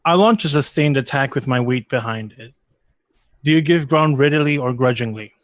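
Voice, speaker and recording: A man's voice: mid-range voice, moderate pace, no echo. A man playing a tabletop role-playing game, casual and joking. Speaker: player.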